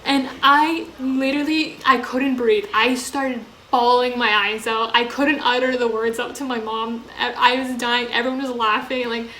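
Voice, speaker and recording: Young woman, podcast co-host, higher voice, casual chat, roomy echo, faint hiss. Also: steady tone, normal speed, few pauses, pushed and bright. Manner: storytelling through laughter, many likes.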